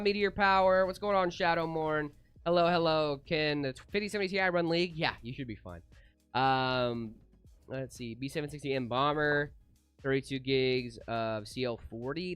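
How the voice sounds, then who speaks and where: A man co-hosting a casual livestream, reading chat aloud and answering in a relaxed, easygoing way. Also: fairly high pitch, clear, resonant tone. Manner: laid-back, reads chat aloud, calls people dude. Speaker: livestream co-host.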